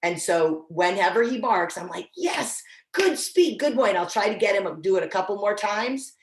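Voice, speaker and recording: A woman's voice: mid-range voice, a little fast, reverberant. A woman instructor teaching dog training in a casual, encouraging way, often restarting her sentences. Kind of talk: online training class.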